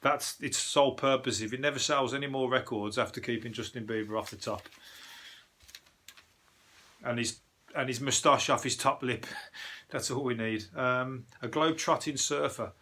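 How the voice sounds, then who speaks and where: A man's voice: mid-range voice, normal speed, sharp tone. A man hosting a comic news podcast, rambling through tangents, swearing freely and laughing at his own jokes. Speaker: podcast host.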